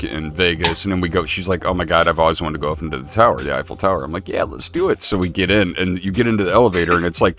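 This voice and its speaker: A male host tells a story, acting out the voices of the people in it. His voice sits very low. Faint music runs in the background. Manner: animated storyteller, acts out voices. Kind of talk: casual storytelling chat.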